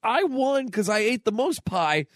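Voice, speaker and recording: A man's voice: very high-pitched, very animated, measured pace, dry recording, studio quality. A man from Buffalo co-hosting a casual movie podcast, telling stories with playful swearing. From Buffalo, New York. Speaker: podcast co-host. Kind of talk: casual movie-recap chat.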